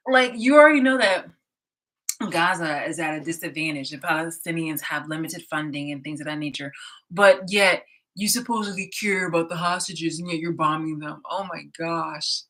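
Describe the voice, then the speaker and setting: A woman's voice: lowish voice, fairly bright tone. A woman vlogger in a casual, profane, exasperated reaction rant, laughing often, filmed indoors. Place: indoor room.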